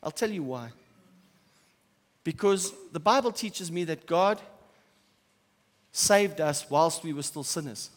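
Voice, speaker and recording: A man preaching a sermon as pastor, swinging between loud emphatic stretches and quiet, soft asides. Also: fairly high pitch, expressive, slow, pauses often. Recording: church hall with long reverb.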